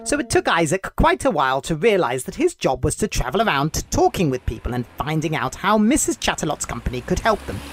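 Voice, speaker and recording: Lively children's devotional storyteller. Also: mid-range voice, fairly quick, hardly any pauses, husky. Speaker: devotional podcast host and narrator.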